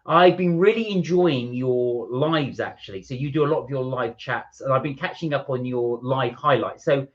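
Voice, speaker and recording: Man, live-stream co-host, rambling, reads out comments, mid-pitched voice, muffled stream sound. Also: normal speed, hardly any pauses. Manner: rambling, greets viewers by name and reads out comments. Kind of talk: casual live-stream chat. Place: at home indoors. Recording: slightly dull lo-fi stream audio.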